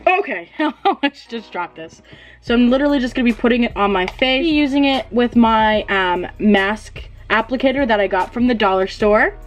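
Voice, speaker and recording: A young woman with a somewhat high voice chats her way through a home beauty tutorial. She laughs at herself and swears casually, keeping it loose and relaxed. Faint music plays softly behind her. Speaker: beauty vlogger. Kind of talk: casual DIY tutorial chat.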